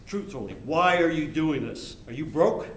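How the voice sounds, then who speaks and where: A man performing a brash Hollywood agent, pitched high and full of wisecracking salesman patter. Heard in a live stage play, picked up from far off across a very echoey theater with faint hiss. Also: expressive, normal speed, fairly bright tone. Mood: pushy. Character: brash fast-talking male Hollywood agent. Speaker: stage actor.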